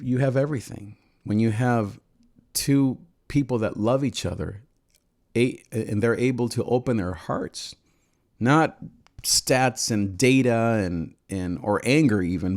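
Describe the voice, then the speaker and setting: Earnest low-voiced man giving parenting advice. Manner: earnest, gentle, with frequent pauses and restarts. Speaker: parenting channel host. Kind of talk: reflective advice talk.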